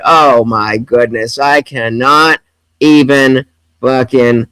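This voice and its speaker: Loud, mocking male livestream host. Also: on the high side, animated, slow, no echo. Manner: mocking, profane, swings from muttering to loud outbursts. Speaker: livestream host reacting to a debate. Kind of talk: livestream reaction commentary.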